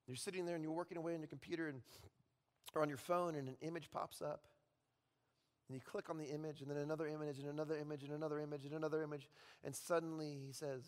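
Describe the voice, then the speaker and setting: A pastor in his thirties with a slightly high voice preaches fast and flatly, with a long reverb tail trailing his words. He tells a story and checks in with the crowd using "okay" and "all right."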